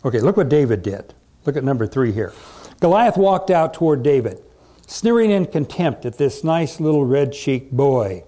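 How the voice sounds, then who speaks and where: A man's voice: mid-range voice, sing-song, moderate pace, mellow. A male pastor preaching a sermon, emphatic and full of rhetorical questions.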